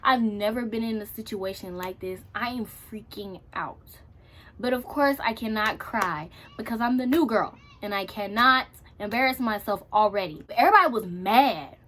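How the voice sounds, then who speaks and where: A woman's voice: medium pitch, normal speed, a bit bright, slight background noise. A teenage girl telling a story to camera in a chatty, slangy way, acting out her own reactions and quotes. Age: teens. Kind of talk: casual storytime.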